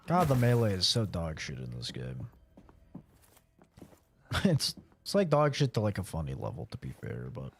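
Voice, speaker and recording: A man's voice: low-pitched, wildly swooping pitch, moderate pace, gravelly, pauses often, a little hiss or hum. A man streaming a horror game, chatting casually over gameplay, swearing and joking around. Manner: profane, joking, blurts silly sing-song noises.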